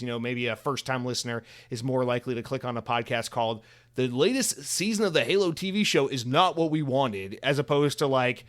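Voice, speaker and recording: A man's voice: medium pitch, fairly quick, a bit bright. A man in his thirties hosting a solo podcast alone, rambling casually with sarcastic, profane asides.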